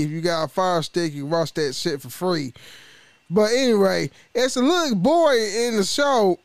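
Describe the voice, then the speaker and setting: A man's voice: high-pitched, clear, resonant tone, no room sound. A man hosting his own podcast in a casual monologue, loose and profane, often stumbling over his words. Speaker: podcast host.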